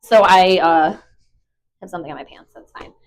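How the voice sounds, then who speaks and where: A young woman dog trainer talks in a chatty, bubbly vlog style, full of fillers and restarts. Her voice sits a little low for a woman. She is recorded on a clip-on mic. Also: moderate pace. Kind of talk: casual vlog chat.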